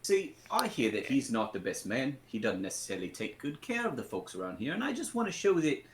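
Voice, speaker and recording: A man playing in a tabletop game, speaking in character in a smooth, persuasive, campaigning manner. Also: medium pitch, wildly swooping pitch, fairly quick. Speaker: player. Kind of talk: in-character role-play.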